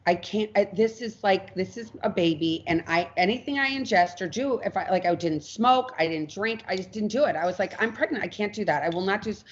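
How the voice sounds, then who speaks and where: A woman's voice: medium pitch, a little fast, hardly any pauses. A woman guest on a podcast, telling her own story frankly and acting out what she once said. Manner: frank, animated, acts out her past self in quotes. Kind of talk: candid personal storytelling. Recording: muffled lo-fi audio.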